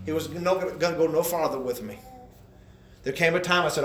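A man preaching a sermon as pastor, impassioned, swinging between loud and hushed. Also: fairly high pitch, brisk, slight background noise. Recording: echoey room.

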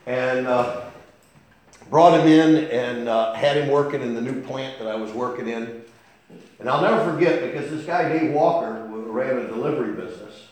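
A man preaching a sermon as pastor, telling folksy stories with an animated delivery. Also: mid-range voice. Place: church sanctuary. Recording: very echoey church hall.

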